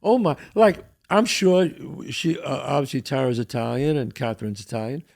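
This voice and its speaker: A man's voice: medium pitch, normal speed, vocal fry. A man hosting a talk show, chatting casually and telling stories by acting out what people said. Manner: animated storyteller who acts out quoted lines. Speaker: host. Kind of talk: casual chat.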